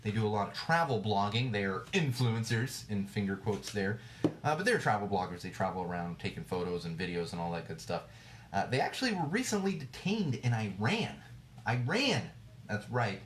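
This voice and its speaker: A man's voice: lowish voice, sing-song, fairly quick, a little hiss or hum. A man hosting a podcast, ranting casually and bluntly, with plenty of swearing, fillers and restarts. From United States. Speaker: podcast host. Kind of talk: casual solo rant. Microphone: livestream mic.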